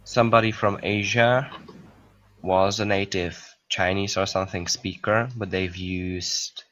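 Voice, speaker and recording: A man's voice: low voice, fairly even intonation, measured pace, fairly bright tone, lo-fi sound. A young man chatting casually with friends indoors, curious and hesitant, often restarting his sentences. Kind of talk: casual chat.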